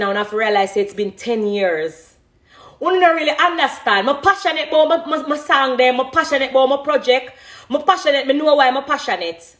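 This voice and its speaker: A woman's voice: sits high, fairly quick, a bit bright. A woman in her thirties with a Jamaican accent, a dancehall artist giving an impassioned, emphatic monologue and repeating phrases for emphasis.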